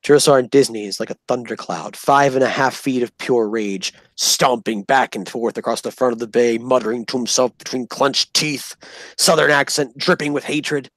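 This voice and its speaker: A man's voice: medium pitch, normal speed, no echo. A man casually telling a profane story in a vlog, acting out the people he quotes. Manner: animated, profane, acts out quoted voices. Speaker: storyteller recounting army basic training.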